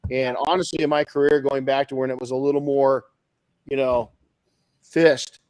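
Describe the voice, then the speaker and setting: A man's voice: medium pitch, little pitch movement, moderate pace, darkish tone, no room sound, poor audio. A man hosting a podcast in casual chat, enthusiastic and often repeating his words. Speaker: podcast host.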